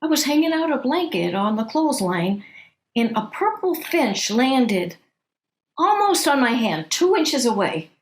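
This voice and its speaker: A woman's voice: high-pitched, big pitch swings, a little slow, echoey room. A woman playing a wary wife asking short questions. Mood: wary questioning. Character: uneasy wife at the kitchen table, probing. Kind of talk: audio drama acting.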